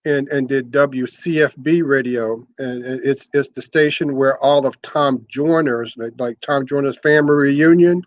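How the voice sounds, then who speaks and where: An older man with a medium-pitched voice and fairly even intonation describes his long radio career, having been a sales manager, in a conversational interview. He keeps a measured pace with few pauses, explaining at length and repeating words as he restarts. The audio is dry and lo-fi.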